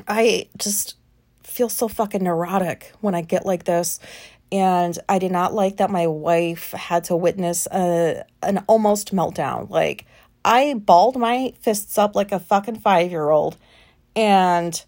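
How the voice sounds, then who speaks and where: A woman's voice: mid-range voice, unhurried, a little mellow. Rambling, swearing woman in her late thirties. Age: late 30s. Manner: rambling, profane venting with many fillers. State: anxious and frustrated. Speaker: podcast host. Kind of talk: casual solo podcast monologue.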